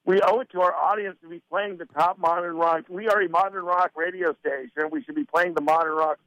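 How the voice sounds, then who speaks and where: A man's voice: high-pitched, fairly quick, no room sound, rough recording. A man telling radio-station stories in a casual interview. He acts out the lines of the people he quotes, with many fillers and restarts. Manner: animated storyteller who acts out quoted dialogue; many fillers and repeated starts. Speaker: radio consultant, interview guest.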